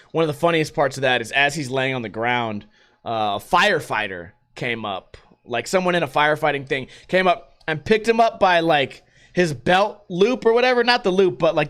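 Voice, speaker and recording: Animated, bright-voiced man telling stories. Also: high-pitched. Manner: profane, rambling, animated retelling. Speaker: podcast host. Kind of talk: casual storytelling monologue.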